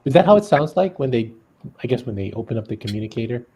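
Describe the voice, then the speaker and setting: A man's voice: mid-range voice, animated, quick pace, darkish tone, breathy edge. A man chatting casually, asking curious questions and joking with his co-hosts. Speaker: livestream co-host. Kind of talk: casual chat.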